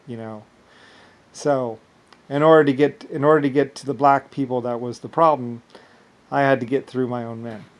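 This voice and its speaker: A man with an ordinary mid-pitched voice talks straight through a loose, rambling monologue. He keeps stalling on repeated words and restarting his sentences, padded with fillers. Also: darkish tone. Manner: repetitive, stammering restarts; loose filler-heavy speech. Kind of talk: rambling first-person monologue.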